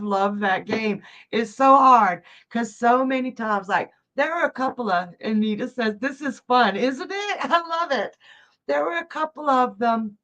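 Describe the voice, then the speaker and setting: A woman's voice: a little high, a bit bright. Lady on a live stream, chatty, laughs a lot, kinda dull lo-fi sound. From Georgia, US. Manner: chatty and effusive, laughs often. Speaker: psychic reader hosting a live stream. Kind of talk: casual live-stream chat reading viewer comments.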